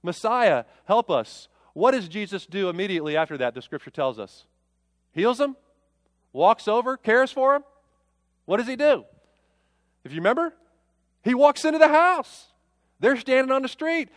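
A middle-aged man preaching with a high voice, driving home his points with rhetorical questions that swell and drop. His voice comes across dry and close, with a long reverb tail from a large hall behind it. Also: sing-song, normal speed, pauses often. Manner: impassioned, rising and falling preaching with rhetorical questions. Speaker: pastor. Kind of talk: sermon.

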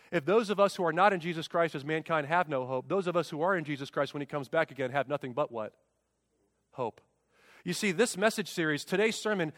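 A man's voice: a little high, fairly bright tone, dry recording, clean studio sound, in a large hall. A man preaching a sermon as pastor, emphatic, with rhetorical questions and repeated refrains.

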